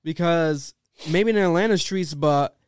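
Animated, profane man in casual chat. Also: fairly high pitch, measured pace, smooth, no echo, studio quality. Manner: animated, profane, breaks into rapping and mimicking.

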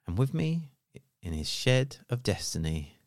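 A man's voice: medium pitch, sing-song, unhurried, no room sound, studio quality. A middle-aged man co-hosting a podcast in casual chat, with frequent restarts. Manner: chatty, with repeated restarts. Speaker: podcast co-host.

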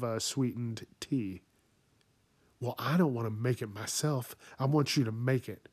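A man's voice: lowish voice, dry recording. A man hosting a podcast, going off in a profane comedic rant, swearing constantly and laughing at his own jokes. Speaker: podcast host.

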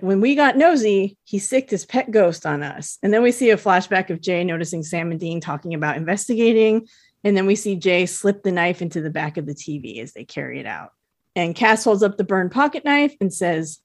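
A woman's voice: medium pitch, no echo. A woman with a mid-range voice chats her way through a TV episode recap, laughing easily. She is recorded close and dry, with no room sound. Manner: chatty and giggly, quotes characters in a lightly acted voice. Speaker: podcast co-host. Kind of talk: casual episode recap chat.

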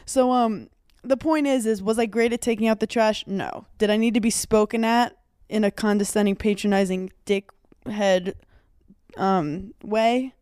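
A woman's voice: medium pitch, steady tone, measured pace, darkish tone, no echo, studio quality. A young woman chatting as a podcast guest, telling stories animatedly and laughing often. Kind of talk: casual chat.

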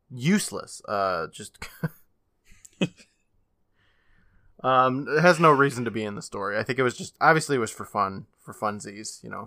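Bright-voiced man recapping an episode. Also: fairly low pitch, dry recording, clean studio sound. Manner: laughs often, narrates plot in long run-on lines. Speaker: podcast co-host. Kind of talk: casual chat recapping a TV episode.

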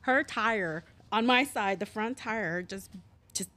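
A woman's voice: medium pitch, slow, sharp tone. A woman in a casual group chat who laughs easily while telling stories.

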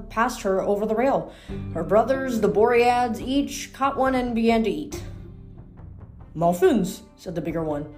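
A woman's voice: mid-range voice, a little mellow. A woman casually reading a novel aloud in a chatty, informal way, sometimes stumbling over words. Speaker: book reader.

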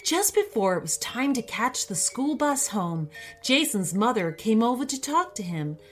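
A woman narrating a children's story in an expressive storytelling manner. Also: fairly high pitch, moderate pace, soft background music.

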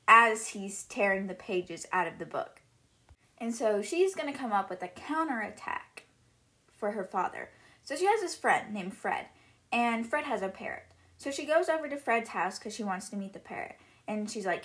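A woman hosting a book podcast, retelling chapters in a loose, chatty way with plenty of fillers. Her voice sits at an ordinary middle pitch. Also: animated, normal speed, bright, forceful tone. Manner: casual, filler-heavy retelling. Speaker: podcast host. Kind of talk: casual book summary.

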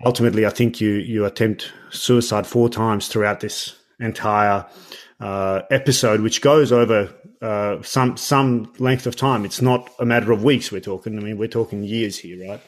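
A man hosting an interview podcast, asking calm, probing questions and repeating himself to clarify. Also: lowish voice, moderate pace.

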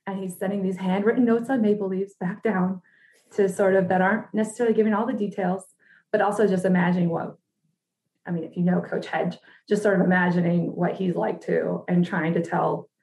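A woman's voice: lowish voice, fairly even intonation, fairly quick, gravelly, mellow. A woman co-hosting a podcast in casual chat, chatty and sassy, laughing often and saying "like" a lot. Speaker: podcast co-host.

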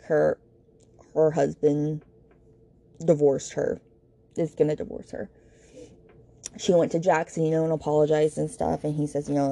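A woman's voice: low voice, gravelly, dark tone. A woman hosting a book podcast, recapping a novel's plot in a chatty, blunt way and quoting the characters' lines. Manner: chatty, blunt, retelling scenes with quoted dialogue.

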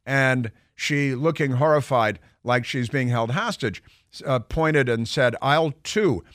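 A man's voice: medium pitch, a little slow, fairly bright tone, no room sound, studio quality. A man hosting a radio talk show, telling a long story in a rambling, digressive way with lots of fillers and restarts.

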